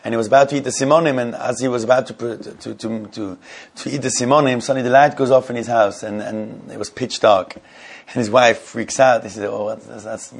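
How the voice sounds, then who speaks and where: A man leads an informal Torah class, moving in and out of storytelling with a slow, halting, conversational flow. His voice is gravelly and a little husky. He laughs here and there as the tale unfolds. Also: mid-range voice, steady tone. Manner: halting, conversational, laughs while telling stories.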